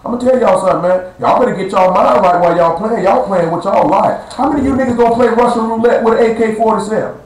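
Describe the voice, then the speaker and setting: Blunt high-voiced street preacher. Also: male voice. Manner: preachy, blunt, slangy, drawn-out emphasis. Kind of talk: street-style sermon. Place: live streamed gathering room. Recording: echoey live stream room.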